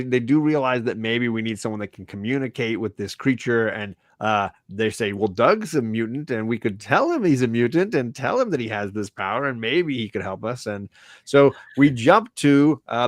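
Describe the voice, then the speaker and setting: A man's voice: mid-range voice, normal speed, dry recording, studio quality. A man hosting a casual comics podcast, chatting loosely and acting out characters' lines in playful voices. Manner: animated, acts out characters' lines in silly voices. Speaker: podcast host.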